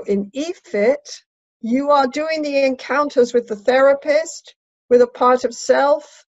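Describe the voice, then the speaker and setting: Brief: woman therapist-trainer lecturing, fairly high voice, instructive and emphatic, dull dry recording. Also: a little mellow, no echo. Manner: instructive, emphatic, checks in with "right?". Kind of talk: teaching lecture.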